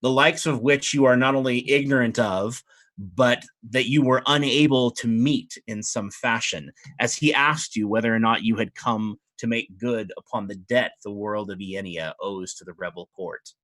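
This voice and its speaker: A man's voice: mid-range voice, moderate pace, a bit bright. A man narrating a tabletop game as game master, in casual, descriptive speech.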